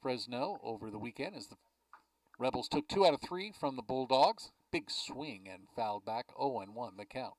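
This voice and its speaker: A man calling a baseball game play by play from a ballpark press box, chatting easily between pitches. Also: lively intonation, moderate pace, no echo, recorded from a distance, low-quality recording. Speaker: play-by-play announcer.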